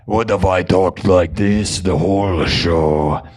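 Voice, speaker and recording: A man putting on the voice of a menacing male metal frontman, a slow, drawn-out, deep growl. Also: steady tone, darkish tone.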